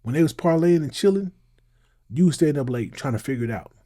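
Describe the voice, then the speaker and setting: Man, channel host, emphatic commentary, husky, mellow tone. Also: a little high, animated, fairly quick. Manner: emphatic, preachy, reacts to clips. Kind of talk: casual commentary monologue.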